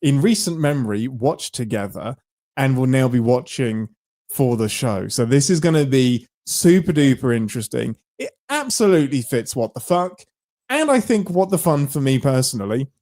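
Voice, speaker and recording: Man, podcast co-host, casual live chat, animated, middle-pitched voice. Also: normal speed. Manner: animated, laughs often, jumps between thoughts.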